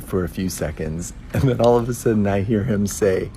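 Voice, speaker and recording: A man's voice: low voice, moderate pace, hardly any pauses, darkish tone, a little hiss or hum. A man telling a stand-up story in a conversational, building manner.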